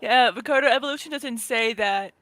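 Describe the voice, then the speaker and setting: Bright, dry-sounding woman explaining science. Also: on the high side, a little fast, no echo. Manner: explains step by step, lecturing tone. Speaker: co-host. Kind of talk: casual podcast chat.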